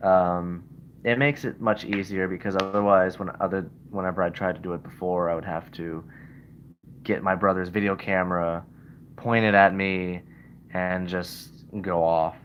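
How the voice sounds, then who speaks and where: A man's voice: low-pitched, steady tone, moderate pace, dull audio, a little hiss or hum. A young man rambling casually with lots of fillers, livestreaming from his bed. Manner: meandering, many fillers. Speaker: vlogger. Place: in bed at home.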